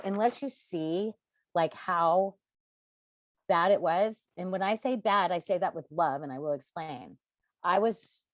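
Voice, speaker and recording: Low-voiced woman telling a painful story. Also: a little mellow, dry recording. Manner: emphatic, confessional, dramatic stresses. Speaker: podcast guest. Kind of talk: personal story in a podcast interview.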